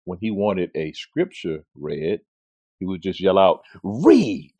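A man co-host in a casual chat, relaxed as he explains something. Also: low-pitched, a little slow.

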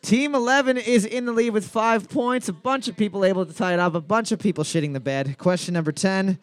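A man hosting a bar trivia night, joking crudely between slowly read questions. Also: high-pitched, clear, resonant tone, dry recording. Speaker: trivia night quiz host.

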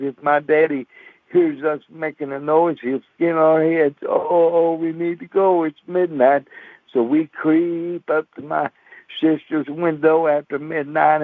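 A man, a radio preacher telling a folksy, animated story as a sermon and mimicking banjo twangs. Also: a little high, no room sound. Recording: tinny phone-like dry radio sound.

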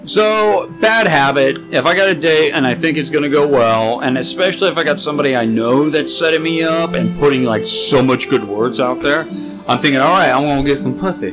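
A man's voice: a little high, a little fast, music in the background, poor audio. A young man co-hosting a podcast, rambling crude jokes and stories in casual chat. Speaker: podcast co-host.

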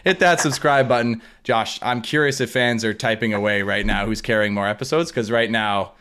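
A man's voice: fairly low pitch, moderate pace, fairly bright tone, smooth. A young man hosting a casual sports podcast, joking and teasing his co-host. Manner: teasing, jokey, self-mocking.

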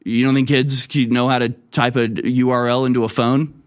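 A man's voice: medium pitch, level tone, normal speed, clean tone. A man delivering a political commentary monologue in a sarcastic, mocking way. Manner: sarcastic, mocking impressions in raised voice.

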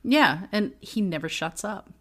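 A woman's voice: medium pitch, lively intonation, a little slow. A middle-aged woman co-hosting a casual faith podcast, telling personal stories earnestly and laughing often. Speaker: podcast co-host.

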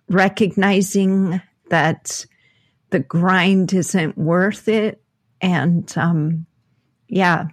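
A woman co-hosting a podcast, talking things through in an unhurried way with many pauses and fillers. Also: medium pitch, no echo, clean studio sound. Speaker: podcast co-host. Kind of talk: casual podcast chat.

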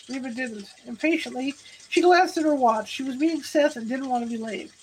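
A woman's voice: high-pitched, brisk, a little mellow, slight background noise, rough recording. A woman narrating a romance novel aloud, stopping now and then to correct her own slips. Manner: self-correcting as she reads. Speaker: audiobook narrator.

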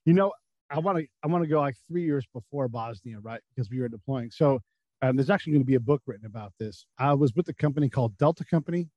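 A man's voice: mid-range voice, fast, no room sound, muffled recording. Profane storytelling man, dry close mic. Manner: candid, profane, acts out quotes in voices. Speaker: guest, former military intelligence officer. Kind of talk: casual storytelling interview.

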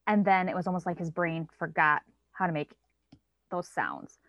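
Here a woman in her thirties, a parent guest, speaks at normal speed in a lowish, steady voice with a fairly bright tone. She chats about her child and often lifts her voice to act out quotes. The recording is dry, with a slightly dull quality overall.

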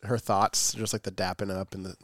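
A man's voice: deep voice, level tone, brisk, a bit bright, dry recording, clean studio sound. A man co-hosting a podcast, speaking in a subdued, emotional way and swearing casually. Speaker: podcast co-host. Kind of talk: casual chat.

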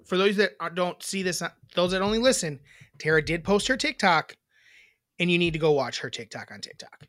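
A man's voice: sits high, a little fast, a bit bright, no room sound, studio quality. A man co-hosting a casual podcast, rambling and swearing casually as he chats. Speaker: podcast co-host. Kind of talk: casual chat.

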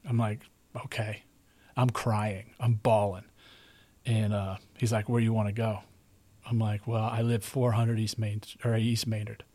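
A man's voice: lowish voice, flat delivery, moderate pace, warm tone. Man telling a rambling story. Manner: rambling, conversational, repeats himself. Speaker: podcast host. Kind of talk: casual storytelling.

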